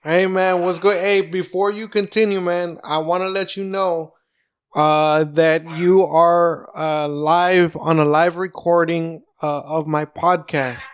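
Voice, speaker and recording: His voice is a little high with fairly even intonation, slow and clean-toned. He hosts a comedy podcast and hails from South Texas's Rio Grande Valley, talking casually in rambling bursts that stop, stammer, and restart.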